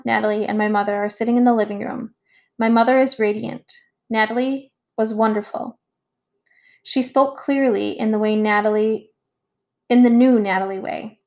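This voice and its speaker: A woman reads a first-person story aloud in a measured, reflective way. Her voice sits a little high and has a gravelly edge. The recording is dull and lo-fi. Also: a little mellow. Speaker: audiobook narrator.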